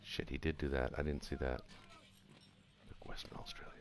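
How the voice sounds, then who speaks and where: A man chatting casually while playing a strategy board game, muttering counts and thinking his moves through out loud. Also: a bass voice, little pitch movement, moderate pace. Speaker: co-host and player. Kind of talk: casual gameplay chat.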